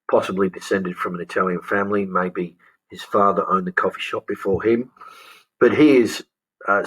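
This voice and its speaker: A male teacher casually talks through a script example, thinking aloud and restarting his sentences. His deep voice is a bit bright with a breathy edge, and the recording is rough.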